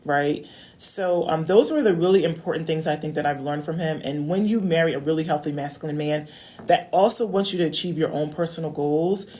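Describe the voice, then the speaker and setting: Chatty woman coach with a low voice. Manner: warm, chatty, often checks in with "okay?"; repeats key phrases for emphasis. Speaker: love coach. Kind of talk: casual direct-to-camera advice talk.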